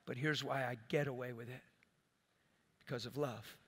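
A middle-aged man preaching a sermon as a pastor, earnest and impassioned, swinging between loud bursts and quiet, soft asides. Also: medium pitch, fairly even intonation, normal speed.

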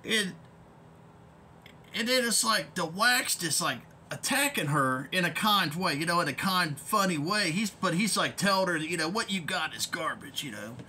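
High, sharp-voiced man ranting heatedly. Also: expressive, moderate pace, a little hiss or hum. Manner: profane, rambling, heated. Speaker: online commentator. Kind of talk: ranting vlog.

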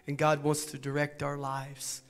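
A man preaching a sermon as pastor, starting soft and low and building to fervent exhortation. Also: monotone, a little slow. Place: church sanctuary.

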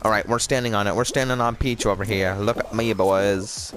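A man giving casual, jokey commentary over his own gameplay, excitable and playful, mock raging and rhyming nonsense. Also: lowish voice, a little fast, hardly any pauses, music in the background.

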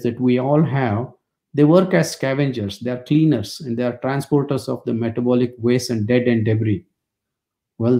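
A man's voice: mid-range voice, creaky, dark tone. A man in his sixties from India, speaking, gives a webinar lecture as wry, anecdotal storytelling.

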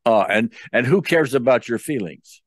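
Calm older man coaching a client. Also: mid-range voice, moderate pace, no room sound. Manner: calm, guiding, checks in often. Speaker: tapping coach. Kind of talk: therapy session coaching.

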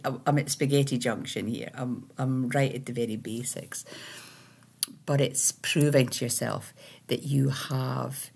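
A middle-aged woman with a Scottish accent reflects out loud in an earnest, meandering monologue, pausing and restarting her thoughts. Her voice sits very low and carries a gravelly fry. There is a husky, breathy edge to it. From Scotland. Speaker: meditation creator.

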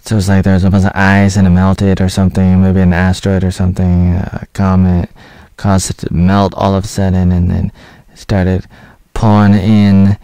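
A gravelly, low-pitched man in his thirties talks through a series in a loose, rambling way, leaning on fillers and trailing off mid-thought. His voice sits dark and mellow. The sound is dry and close, with no room around it. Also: no echo. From United States (Oregon). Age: 30s. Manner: rambling, loose, full of "like" and half-finished thoughts. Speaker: video reviewer. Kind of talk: casual spoken review over footage.

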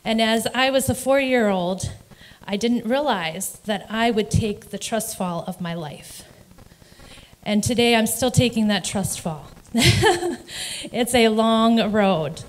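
A woman's voice: a little high, takes it slowly, poor audio. Earnest woman giving church testimony. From New Jersey. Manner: earnest, emotional, with nervous laughs. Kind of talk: personal testimony in a church service. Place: church sanctuary.

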